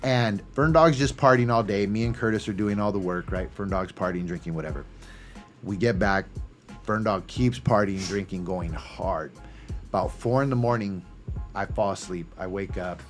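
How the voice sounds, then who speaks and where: A middle-aged man, a podcast host, telling animated, profane stories in a casual chat. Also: fairly low pitch, moderate pace, soft background music.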